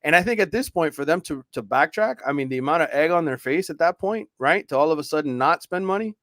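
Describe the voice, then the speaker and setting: A man's voice: a little high, animated, quick pace, fairly bright tone, no echo, clean studio sound. A man, a sports reporter, talking frankly and conversationally on a radio show, with frequent restarts. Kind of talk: casual on-air sports talk.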